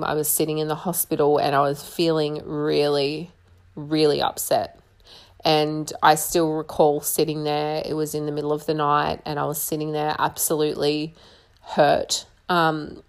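A young woman talking earnestly and encouragingly, giving personal advice in a conversational way. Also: deep voice. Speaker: single mother sharing advice. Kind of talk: personal advice talk to camera.

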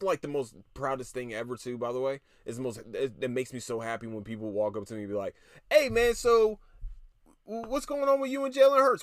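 Podcast host, male, fed-up solo rant, profane with stammered restarts, slightly high and very animated voice, dry close sound. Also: dry recording. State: tired. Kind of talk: casual ranting monologue.

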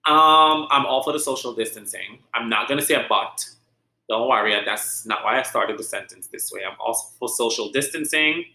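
A man from Saint Vincent, with a light Vincentian accent, chats through a casual solo podcast. His voice is bright and lively, and he tells stories with expressive energy. The sound has a roomy echo. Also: mid-range voice, moderate pace. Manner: animated storytelling, frequent laughter and swearing. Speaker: podcast host.

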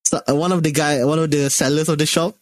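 A man with a Malaysian English accent co-hosting a casual gaming podcast, telling stories in an animated way. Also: on the high side, fast talker, dry recording. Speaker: podcast co-host. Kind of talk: casual chat.

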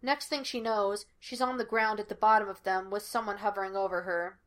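A woman reading the lines of an excitable, teasing young male detective who talks in quick banter. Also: medium pitch, lightly acted. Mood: explaining. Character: lively wisecracking young male psychic detective.

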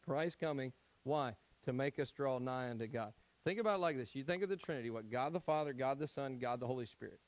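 A man's voice: mid-range voice, animated, brisk, hardly any pauses, rough recording. A man from Tennessee preaching an evening Bible study, conversational, with frequent "okay?" check-ins to the congregation. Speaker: pastor.

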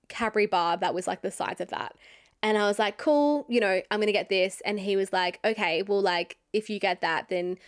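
A young woman, telling a personal story in a candid, casual way, swearing often and filling her talk with "like". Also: medium pitch.

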